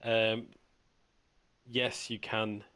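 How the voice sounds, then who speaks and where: Low-voiced man running a game. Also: little pitch movement, extremely slow, sharp tone, dry recording. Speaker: game master. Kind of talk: running a tabletop game online.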